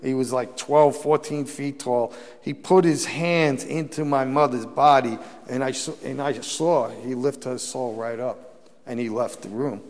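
A man's voice: mid-range voice, steady tone, unhurried, darkish tone. Male priest preaching in a reverberant hall. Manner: storytelling preacher, rising emphatic bursts, frequent restarts. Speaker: Catholic priest preaching a mission. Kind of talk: sermon.

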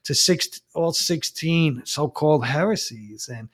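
A man, a Catholic priest, giving a personal testimony in a blunt, emphatic way and getting louder and higher when heated. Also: measured pace. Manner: blunt, emphatic storyteller who acts out quoted exchanges; rises in pitch and force when heated.

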